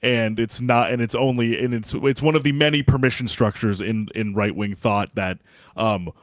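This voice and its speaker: A man's voice: mid-range voice, normal speed, no room sound. A man co-hosting a sports podcast in casual chat, rambling with many fillers and restarts. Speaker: podcast co-host.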